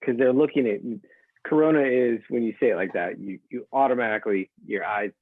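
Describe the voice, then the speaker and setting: A man's voice: medium pitch, brisk, no room sound. A man hosting an interview, agreeable and easygoing in conversation. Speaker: host. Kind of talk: interview chat. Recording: tinny dry call audio.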